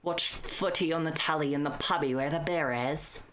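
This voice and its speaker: A woman's voice: low-pitched, moderate pace, fairly bright tone, a little hiss or hum. A woman voicing a chirpy mock-posh British woman in a put-on British accent, exaggerated and sing-song.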